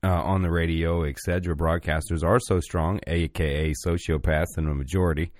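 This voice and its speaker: A man's voice: deep voice, steady tone, brisk, dry recording, clean studio sound. A man hosting a casual podcast chat, laid-back, joking and swearing freely. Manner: laid-back, profane, jokey.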